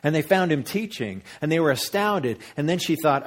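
A man preaching a sermon, animated and storytelling, acting out voices with big jumps in pitch. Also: normal speed. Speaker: pastor.

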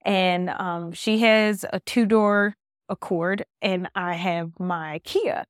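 A woman's voice: fairly low pitch, steady tone, slow. A woman hosting her own podcast, chatting casually from her apartment. She rambles through a story, leaning on "like" every few words. The sound is dry and close, with no room echo. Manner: rambling storytelling, heavy use of "like". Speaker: podcast host. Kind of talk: casual solo podcast chat.

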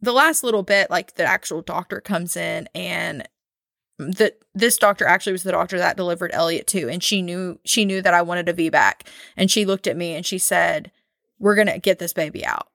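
A woman in her thirties chats casually on a podcast, her fairly low voice showing vocal fry and a fairly bright tone at normal speed. She tells a long story peppered with "like" and acts out what other people said. The recording is studio quality, with no room sound.

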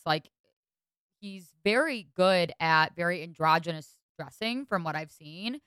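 A young woman hosts a podcast with a smooth, clear voice, recorded close and dry with no room around her. She talks in a lively, exasperated way that tips into gushing, swinging between mock outrage and fond praise. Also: on the low side, measured pace, no echo. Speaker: podcast host. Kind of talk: casual fashion commentary.

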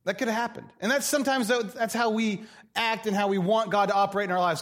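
A middle-aged man delivering a sermon with a fairly high voice. He preaches with animation, slipping into the voices of the people he quotes. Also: steady tone, fast, hardly any pauses, a bit bright. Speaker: pastor.

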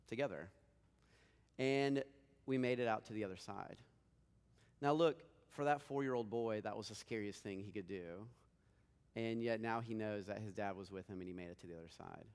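A man in his thirties giving an earnest, conversational sermon as a pastor, swelling with emphasis and dropping to quiet asides. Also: on the low side, clean tone. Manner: earnest, conversational preaching with dynamic swells and soft drops. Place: church sanctuary. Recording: long hall reverb.

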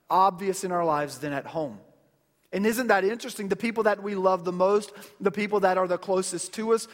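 A man in his thirties delivers a church sermon with a relaxed, conversational feel. He keeps his voice fairly high, and he often turns to his listeners with questions. A long echo from the big hall trails after his words. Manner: conversational preaching with illustrative stories and rhetorical questions. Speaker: pastor. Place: church sanctuary.

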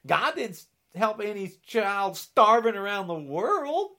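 A man's voice: high-pitched, very animated, measured pace, sharp tone. A man delivering an angry political rant, sarcastic and indignant, often mocking.

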